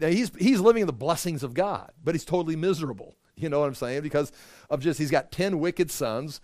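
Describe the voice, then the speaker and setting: A man's voice: a little high, animated, a little fast, a little mellow, no echo, studio quality. A man preaching a sermon, retelling scripture in a casual storytelling way with asides and jokes.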